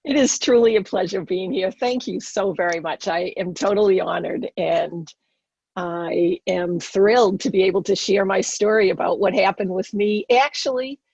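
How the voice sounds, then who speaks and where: A woman's voice: mid-range voice, normal speed, a little mellow, husky, no echo, highs cut off. A middle-aged woman with a Boston accent, telling her personal story earnestly as a podcast guest.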